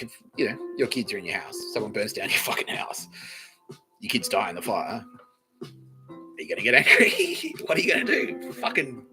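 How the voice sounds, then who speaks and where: A man hosts a comedy livestream in a rambling, profane monologue, laughing as he goes. His pitch swings widely and lively while music plays behind him. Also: poor audio. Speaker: podcast host.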